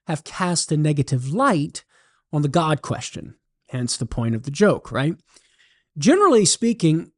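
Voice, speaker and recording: A man from southern Louisiana with a Cajun accent, hosting a religious radio talk show as an animated storyteller. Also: fairly high pitch. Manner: animated storyteller, jokes and laughs. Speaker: radio show host, apologist.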